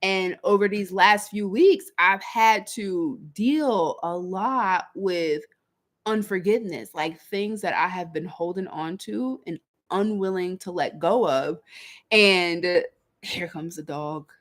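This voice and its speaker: A woman's voice: on the low side, slow pace. Woman coach talking thru a personal story, candid, acts out her own thoughts. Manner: candid, animated storytelling with quoted inner dialogue. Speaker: life coach. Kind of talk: personal reflective monologue.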